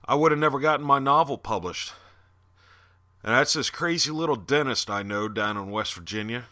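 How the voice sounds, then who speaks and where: A man with a Southern accent who hosts a podcast, reading a dark horror story and then plugging books in loud, animated chat. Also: lowish voice, no room sound. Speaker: podcast host and horror author.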